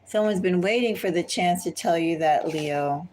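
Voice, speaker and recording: A woman giving a collective tarot reading, speaking slowly and deliberately and repeatedly addressing the listener by star sign. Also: lowish voice, a little mellow, slight background noise, rough recording. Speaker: tarot reader.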